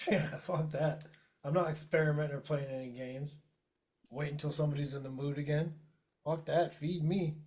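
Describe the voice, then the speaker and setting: Brief Man co-host, higher-pitched, blunt and profane, animated storyteller. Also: normal speed, long pauses. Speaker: podcast co-host. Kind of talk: casual chat.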